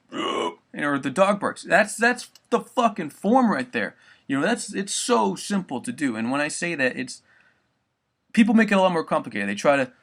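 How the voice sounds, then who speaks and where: Bright-voiced man, rambling and swearing. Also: high-pitched. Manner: loose, rambling, swears often. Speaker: vocal tutor. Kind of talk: casual spoken tutorial.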